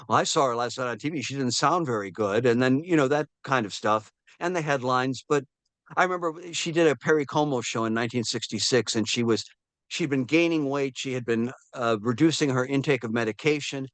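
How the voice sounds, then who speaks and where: A man in his seventies, a film historian, shares stories in a casual interview, performing quoted voices with animation and frequently restarting and using fillers. He speaks fairly quickly at medium pitch; the recording is dry.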